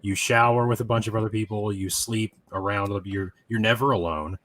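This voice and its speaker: A man with a lowish voice, talking in an easygoing way on a panel. He explains slowly, with plenty of ums and uhs. He is relaxed and conversational. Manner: unhurried explainer with fillers. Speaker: panel guest. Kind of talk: casual panel chat.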